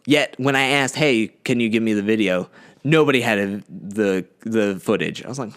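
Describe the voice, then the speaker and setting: Young male podcast co-host, slightly low voice, loose and rambling storyteller. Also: fairly quick, smooth. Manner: rambling, animated retelling with acted-out quotes. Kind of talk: casual storytelling.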